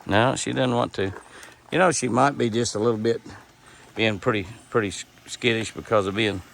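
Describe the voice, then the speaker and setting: A middle-aged man, rambling in a casual vlog from a deer pen, repeating himself and softly coaxing the animals. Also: lowish voice, steady tone, moderate pace, gravelly, a little hiss or hum. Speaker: deer rancher.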